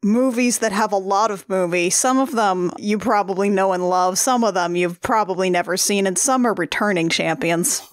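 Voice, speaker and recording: A woman's voice: mid-range voice, normal speed, hardly any pauses, dry recording. A woman hosting a podcast, chatty and jokey, swearing casually as she talks. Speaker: podcast host.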